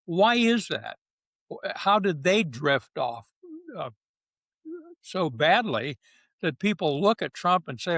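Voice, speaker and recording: A man's voice: fairly high pitch, very animated, takes it slowly, pauses often, fairly bright tone, no echo. An older man, a retired general, speaking bluntly and emphatically in an interview, with short punchy phrases. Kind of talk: candid interview talk.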